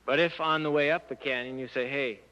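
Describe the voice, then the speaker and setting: A man giving a church talk to teenagers, an animated storyteller who asks rhetorical questions and acts out the dialogue. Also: on the high side, quick pace, clean tone. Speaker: church speaker addressing youth. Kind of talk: sermon-style talk to teens. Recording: muffled lo-fi recording.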